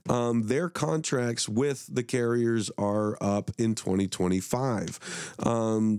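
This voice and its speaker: A man hosting an interview in casual talk, hoarse and losing his voice, rambling with many restarts and clearing his throat. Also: medium pitch, darkish tone, dry recording, studio quality. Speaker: podcast host.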